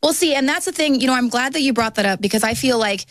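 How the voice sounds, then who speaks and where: A young adult woman co-hosting a political talk show, talking in an indignant, animated way. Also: high-pitched, quick pace, dry recording.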